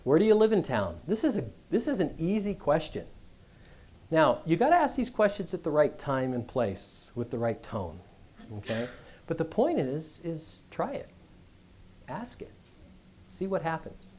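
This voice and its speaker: A middle-aged man giving a business school address, telling stories in a conversational, animated way. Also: on the high side, measured pace, a little hiss or hum. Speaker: guest speaker.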